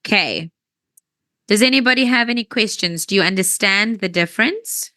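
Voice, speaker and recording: A woman teaching an English grammar lesson, patient and checking that everyone understands, her voice tiring and needing a throat-clear now and then. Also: medium pitch, normal speed, pushed and bright, dry recording. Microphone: wears headphones.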